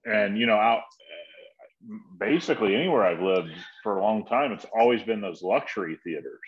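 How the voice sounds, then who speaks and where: A man with a low voice rambles through his points, calling people "dude". The sound is dull and muffled, like remote lo-fi audio. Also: animated, moderate pace. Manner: rambling, says "dude" a lot. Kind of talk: casual podcast chat.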